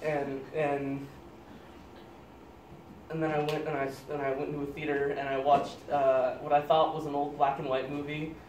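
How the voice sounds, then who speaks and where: A young man improvising an absurd story out loud, deadpan and halting, often cracking up at his own lines. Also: on the high side. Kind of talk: rambling improvised comic story. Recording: echoey room, distant mic, loud noise.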